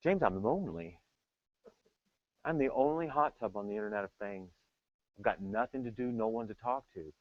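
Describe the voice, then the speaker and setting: Man doing a whiny, needy talking hot tub, lively and up and down, flat dry lo-fi sound. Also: extremely high pitch, slow pace, dry recording, pitched above the performer's own voice, heavily acted. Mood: forlorn.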